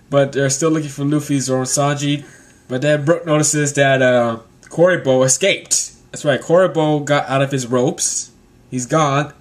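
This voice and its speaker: A man's voice: mid-range voice, steady tone, moderate pace. A man casually recapping a manga chapter, rambling, swearing and laughing often.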